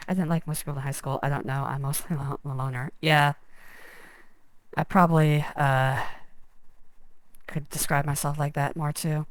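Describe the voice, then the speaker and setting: A woman's voice: deep voice, steady tone, moderate pace, long pauses, clean tone, dry recording, poor audio. A woman streamer chatting casually and rambling over gameplay, self-deprecating. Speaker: game streamer.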